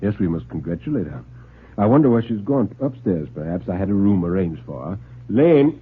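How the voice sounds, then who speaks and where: A man doing a suave, measured dinner host. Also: deep voice, sing-song, husky, heavily acted. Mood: smooth. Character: cool, scheming older male host. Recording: tinny old radio broadcast.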